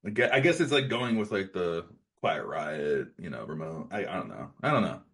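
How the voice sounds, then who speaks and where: A man's voice: big pitch swings, moderate pace, gravelly, fairly bright tone. A man co-hosting a podcast, chatting loosely about a movie, with frequent restarts and playful jokes. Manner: loose, restarts often, swings pitch widely when joking. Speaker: podcast co-host. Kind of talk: casual movie discussion.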